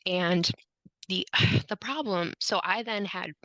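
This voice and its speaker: A woman's voice: mid-range voice, slow, bright, forceful tone, dry recording, rough recording. A woman guest on a podcast, telling her story in conversation and often quoting herself and others.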